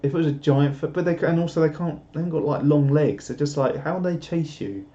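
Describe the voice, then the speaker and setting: A man's voice: on the high side, fast talker, warm tone. A man chatting casually on a live stream, rambling and self-deprecating as he reads out viewer comments. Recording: dull lo-fi stream audio.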